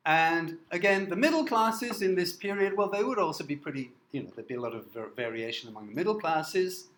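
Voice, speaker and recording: A man from the north of England giving a classroom lecture, halting with many fillers and often asking "okay?". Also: a little high, expressive, fairly bright tone, roomy sound, low-quality recording. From Newcastle, north of England. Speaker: university lecturer.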